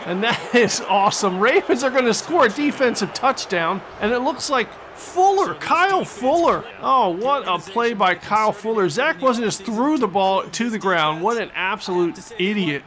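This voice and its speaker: A man giving excitable, jokey play-by-play commentary over a football video game. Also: high-pitched, moderate pace, hardly any pauses, a little hiss or hum. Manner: excitable and jokey, mock-announcer delivery. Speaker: gaming commentator.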